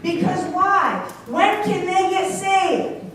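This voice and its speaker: Woman pastor, high voice, sermon delivery, story-driven, recorded far off in a reverberant church. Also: animated, takes it slowly, a bit bright, slight background noise. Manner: storytelling, asks congregation questions. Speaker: preacher. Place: church sanctuary. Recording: echoey church from a distance.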